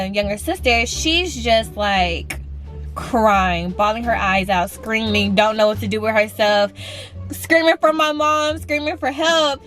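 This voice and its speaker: Blunt, animated young woman telling a story. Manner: blunt, animated, swears freely; jumps into high-pitched voices when quoting others. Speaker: vlogger. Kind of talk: casual storytime chat.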